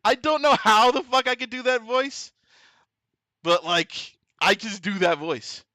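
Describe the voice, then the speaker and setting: Hoarse, lively, goofy male streamer. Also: very high voice, measured pace, no echo, studio quality. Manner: goofy, profane, laughs often. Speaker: vtuber host. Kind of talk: casual chat.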